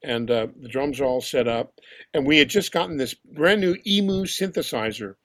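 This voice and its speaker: An older man, a band drummer, telling animated stories and acting out voices and drum sounds as a podcast guest. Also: mid-range voice, normal speed, no echo. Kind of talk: casual storytelling.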